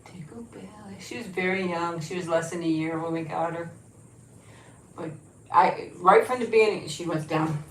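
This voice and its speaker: Woman, home livestream host, lowish voice, rambly casual chat, echoey room. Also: steady tone, normal speed. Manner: chatty, rambling, coaxing her dog in a sing-song voice. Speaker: YouTube channel host.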